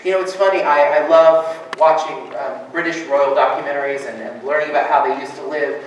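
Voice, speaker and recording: Delivering a sermon with humorous storytelling, this male pastor shares funny family anecdotes and frequently laughs. His slightly high voice holds a steady tone at a little faster than normal. The audio is noisy, distant and echoey, as in a hall.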